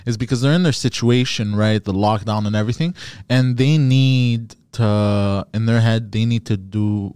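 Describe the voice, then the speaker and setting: A man's voice: fairly low pitch, moderate pace, darkish tone, smooth, dry recording, clean studio sound. A man on a podcast, telling rambling, hesitant stories. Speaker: podcast co-host. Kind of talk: casual podcast chat.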